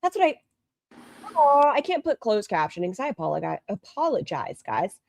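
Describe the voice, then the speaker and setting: A woman's voice: medium pitch, very animated, normal speed, vocal fry, a little mellow. A woman hosting a casual livestream, chatting bluntly and reading viewer comments aloud. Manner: blunt and gossipy. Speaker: livestream host.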